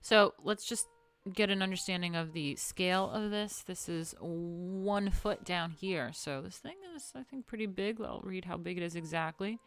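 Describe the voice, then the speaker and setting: A woman talks through art history in a loose, playful way, full of asides and casual swearing. She often drops into low mutters to herself, and faint music plays underneath. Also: moderate pace, hardly any pauses, a bit bright, smooth.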